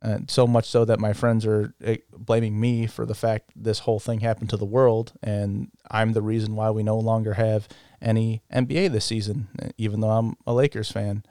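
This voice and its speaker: Male solo podcast host, casual rambler, self-deprecating, laughs a lot; smooth mid-pitched voice, dry close mic. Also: level tone, moderate pace, mellow, dry recording.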